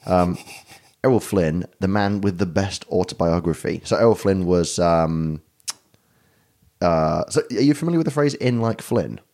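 A man's voice: sits low, normal speed, darkish tone. A man co-hosting a podcast, rambling and joking with casual swearing. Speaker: podcast co-host.

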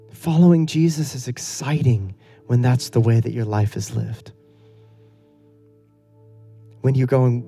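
A man's voice: mid-range voice, moderate pace, hardly any pauses, warm tone, breathy edge, faint music behind. A middle-aged male pastor delivering an earnest, conversational sermon full of rhetorical questions.

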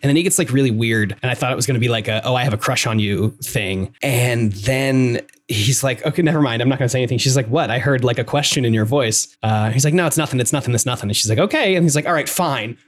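A man in casual podcast chat who retells video game scenes in an animated way and slips into quick character voices. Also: mid-range voice. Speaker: podcast co-host.

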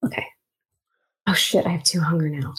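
A woman's voice: deep voice, steady tone, fairly quick, fairly bright tone. Woman, tabletop game player, casual, lighthearted, laughs a lot.

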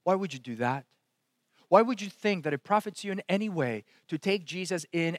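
Animated high-voiced male preacher. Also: normal speed, no room sound, studio quality. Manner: animated, swinging from loud exclamations to hushed intensity. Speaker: pastor. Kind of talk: sermon.

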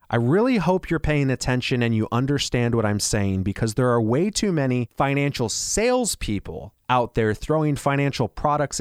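Persuasive man pitching on the radio. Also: dry recording, clean studio sound. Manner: persuasive, rhetorical questions. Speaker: financial advisor.

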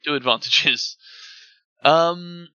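A man running a tabletop game as game master, his voice very bright. He rambles through scenes with fillers and restarts. The sound is dry and a little muffled. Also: a little high, very slow, smooth, no echo.

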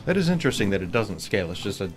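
A man playing a tabletop game, relaxed and matter-of-fact as he talks through his turn. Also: on the low side, rapid-fire, over music. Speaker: player. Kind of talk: casual chat at a tabletop game.

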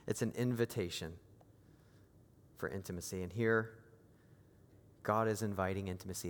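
A man preaching a sermon as pastor, moving from quiet, intimate lines to raised, emphatic appeals. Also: sits low, steady tone, normal speed, pauses often, long reverb tail, slight background noise.

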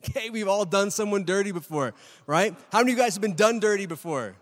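A man's voice: high-pitched, brisk. A man in his thirties preaching a sermon in a chatty style, asking the audience questions and often checking in with "right?". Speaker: pastor. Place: church hall with a live audience. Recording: long reverb of a large hall.

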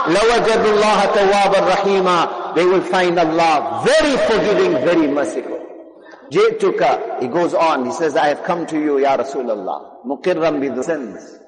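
A man preaching a sermon with fervour, moving between chanted Arabic recitation and soft, hushed English storytelling. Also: fairly high pitch, animated, racing, background noise. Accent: South African. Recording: long hall reverb, crowd audible.

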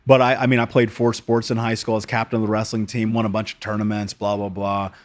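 A man's voice: lowish voice, little pitch movement, fast talker. A man from the United States in his late thirties, a podcast guest telling his story bluntly in casual interview talk, swearing often and calling people dude.

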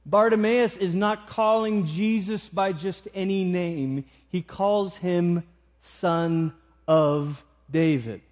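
Preacher guy, fairly high voice, telling a bible story in a sermon, lots of restarts. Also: slow pace, darkish tone.

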